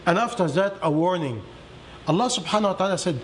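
A man preaching a sermon in non-native English with simplified grammar, swinging emphatically between high and low. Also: animated, fast, slight background noise. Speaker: religious teacher.

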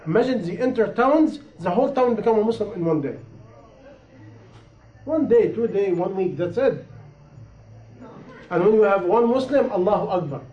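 High-voiced man preaching in an echoey room. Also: animated, normal speed, long pauses. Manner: impassioned, repetitive, rising and falling emphasis. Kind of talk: sermon. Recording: echoey room, dull lo-fi sound.

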